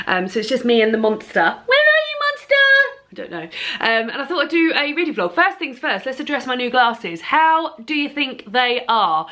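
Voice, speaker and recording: A woman's voice: fairly high pitch, a bit bright. A young woman chatting at home to camera about her reading plans, giggly and chatty with lots of ums and restarts. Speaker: book vlogger. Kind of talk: casual chat to camera. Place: at home indoors.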